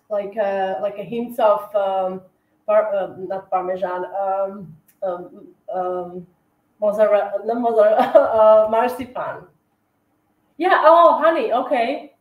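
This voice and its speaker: A woman's voice: mid-range voice, narrow, tinny audio. A woman hosting a decorating livestream, chatting casually with many fillers and self-corrections. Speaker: cookie decorating livestream host. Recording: echoey room.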